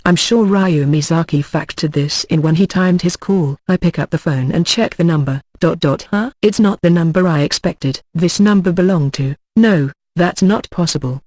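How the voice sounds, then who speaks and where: A man's voice: a little high, moderate pace, few pauses, a little mellow, no echo. A man narrating an audiobook in the first person, reading a tense, bewildered inner monologue.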